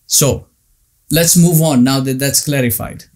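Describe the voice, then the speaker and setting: A man's voice: mid-range voice, unhurried, darkish tone. A man giving a religious lecture, emphatic, repeating points and asking rhetorical questions.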